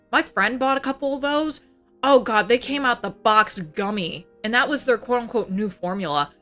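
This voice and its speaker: A woman's voice: a little high, sharp tone. A young woman streaming as a VTuber, ranting in a casual, profane, heated way and slipping into mocking voices. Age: young adult. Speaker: VTuber livestreamer. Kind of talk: casual ranting livestream chat.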